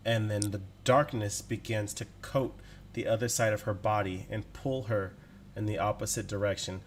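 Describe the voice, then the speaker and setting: A man narrating as game master in a tabletop game, in a slow, deliberate way with frequent laughs. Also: fairly low pitch, fairly even intonation, a little hiss or hum.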